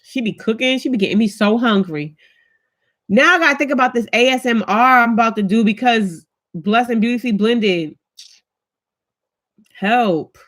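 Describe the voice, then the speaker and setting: A woman in her thirties hosts her own vlog with a slightly high voice. She chats casually with her viewers and tells stories in a lively, colloquial way. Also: brisk. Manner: chatty, animated storytelling, colloquial. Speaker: vlogger host.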